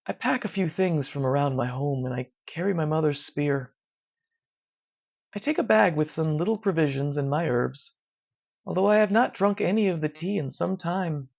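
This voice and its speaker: A narrator reading a dark first-person horror story in a slow, measured, hushed way. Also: medium pitch. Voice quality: gravelly. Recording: dull lo-fi recording.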